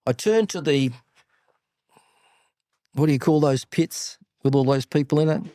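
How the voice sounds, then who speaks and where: An older man with an Australian accent, a podcast guest telling business stories in a lively, blunt, salty way. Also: a little high, a little slow, no echo, clean studio sound. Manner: animated anecdotes, blunt and salty. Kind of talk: casual interview storytelling.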